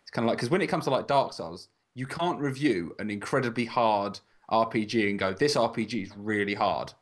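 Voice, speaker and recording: A man's voice: fairly low pitch, fairly quick. A man hosting a casual podcast, joking and rambling with the odd swear. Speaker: podcast host.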